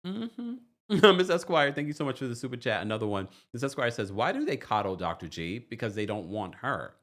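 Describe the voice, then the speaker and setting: Animated man hosting a recap livestream. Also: fairly quick. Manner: animated, laughs often, jumps into high squeals. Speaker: host of a reality TV recap livestream. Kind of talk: casual livestream chat reading super chats.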